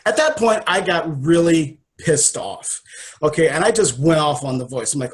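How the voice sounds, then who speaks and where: A man, a life coach and interview guest, telling a personal story in an animated, emotional way and acting out his own dialogue. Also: on the high side, normal speed.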